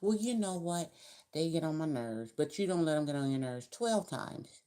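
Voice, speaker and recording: A woman's voice: low voice, animated, normal speed, mellow. A woman giving a casual tarot reading to camera, talking in a chatty, colloquial, rambling way. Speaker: tarot reader.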